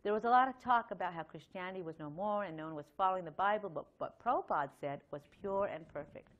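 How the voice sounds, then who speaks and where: Middle-aged woman, slightly low voice, chatty temple lecture, reads a letter aloud. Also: quick pace, lo-fi sound. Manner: conversational, chatty with frequent fillers and light laughs. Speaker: temple speaker. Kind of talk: Sunday lecture.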